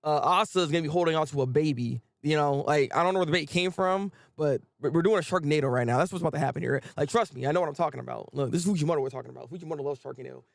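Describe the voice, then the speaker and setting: A man streaming a live manga reaction, joking and animated, tripping over repeated words when excited. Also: a little high, very fast, creaky, hardly any pauses, dry recording, studio quality.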